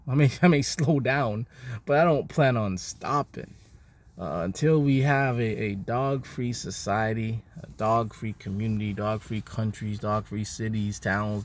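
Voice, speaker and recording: A man, the host of his own channel, delivering a repetitive, contemptuous rant that stumbles over its words. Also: medium pitch. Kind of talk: ranting monologue.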